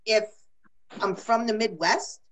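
A woman's voice: medium pitch, slow, rough recording. A woman hosting a casual video-call interview, playful and teasing with her guest. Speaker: host.

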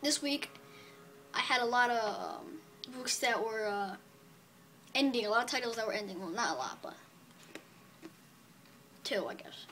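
Chatty upbeat woman, higher voice. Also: unhurried, long pauses, pushed and bright, slight background noise. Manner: chatty and upbeat, rambling with fillers. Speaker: comic book vlogger. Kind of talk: casual video review.

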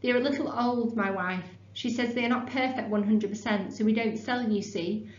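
Lady reading as a sweet old shopkeeper guy, halting broken english, echoey room, kinda dull sound. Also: fairly high pitch, natural voice. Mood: gentle. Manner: halting, gentle, broken phrasing. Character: kindly older male shopkeeper, broken English. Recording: echoey, slightly dull, faint hum.

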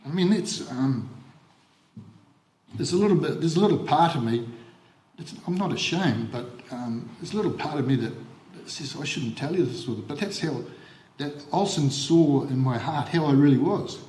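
An older man with a New Zealand accent, a former coach giving a funeral eulogy, halting with repeated words and ums. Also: a little high, expressive, darkish tone. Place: funeral service hall. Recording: echoey hall on livestream.

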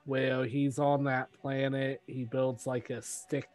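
A man's voice: medium pitch, flat delivery, takes it slowly, darkish tone. A man chatting casually as a podcast guest, rambling with many fillers.

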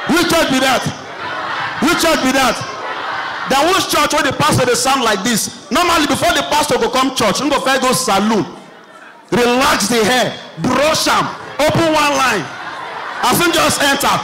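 A young man with a Nigerian accent performing an animated stand-up comedy routine, mimicking characters as he tells stories. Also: extremely high pitch, normal speed. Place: live show before an audience. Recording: crowd noise, light background hiss.

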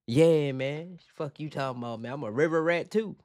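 Man, reaction host, excitable, profane, dry close sound. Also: a little high, normal speed, dry recording. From Virginia, USA. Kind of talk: casual reaction commentary. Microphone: headphones on, talking to camera.

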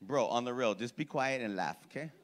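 A man's voice: mid-range voice, animated, a little fast. A male stand-up comedian on a comedy club stage, doing crowd work in brash, profane, slangy street talk and teasing the audience.

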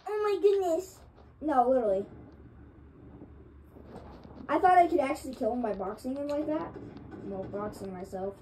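A woman streaming gameplay, with excitable trash talk and sudden yelps. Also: fairly high pitch, moderate pace, pauses often, noisy background. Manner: excitable, trash-talking, yelps when killed. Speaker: gaming streamer. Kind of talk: live gameplay commentary.

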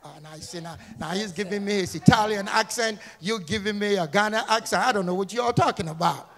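A male guest pastor preaching an Easter sermon, firing repeated questions at the congregation and building into shouted, sing-song crescendos. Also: high-pitched, fast, vocal fry. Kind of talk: Easter sermon with call-and-response. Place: church sanctuary. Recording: church hall reverb with music.

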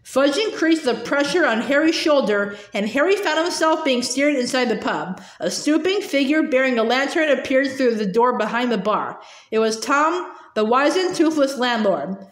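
A woman reading a storybook aloud in a steady, expressive narrating voice. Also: sits high, normal speed. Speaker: reader. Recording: roomy echo.

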